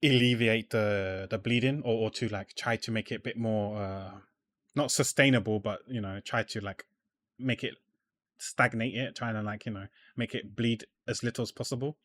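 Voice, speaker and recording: A man giving casual, rambling commentary while playing a game, full of fillers and restarts that trail off quietly. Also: on the low side, steady tone, normal speed. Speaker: gamer.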